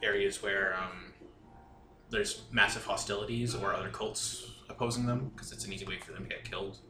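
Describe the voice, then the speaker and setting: A man's voice: lowish voice, fairly even intonation, moderate pace, reverberant, noisy background. A man playing a tabletop game, talking through plans casually with some hesitation. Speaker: player.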